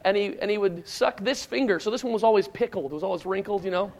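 The pastor here is a middle-aged man whose high-pitched, gravelly voice moves fast as he shares personal stories in his sermon. Conversational and rambling, he often restarts and drifts into asides, shouting out lines as he acts out his tales.

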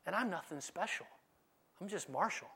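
A man preaching a sermon in a conversational, animated way, now and then dropping to a soft, low delivery. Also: moderate pace, slightly rough. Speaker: pastor.

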